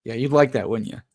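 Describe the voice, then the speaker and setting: A young adult man talks live to his viewers as host of a fantasy sports stream. His delivery runs from exasperated, swear-laden ranting to loose, chatty banter with the audience. His voice sits at an ordinary middle pitch. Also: darkish tone, slightly rough. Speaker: fantasy football livestream host. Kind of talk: casual livestream chat and rant.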